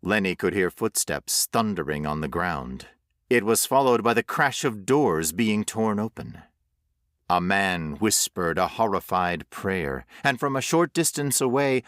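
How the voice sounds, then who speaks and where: A man narrates a horror story at an unhurried, measured pace. His pitch moves expressively through the telling, and the recording is dry and close. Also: a bit bright, no echo. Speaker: audiobook narrator.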